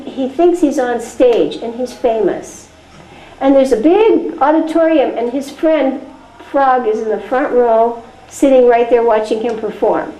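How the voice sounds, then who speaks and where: Animated woman teacher in an echoey room. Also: sits high. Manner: animated, chatty storytelling. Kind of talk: teacher training lecture with storytelling. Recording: echoey room with faint noise.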